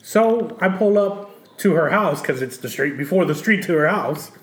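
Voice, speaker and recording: Animated, profane man telling a story. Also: a little high, normal speed, reverberant. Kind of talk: casual chat, storytelling.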